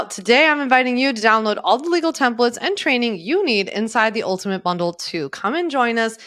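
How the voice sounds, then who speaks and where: A woman in her thirties, an attorney and coach, giving an upbeat and encouraging sales pitch in a webinar. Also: a bit bright.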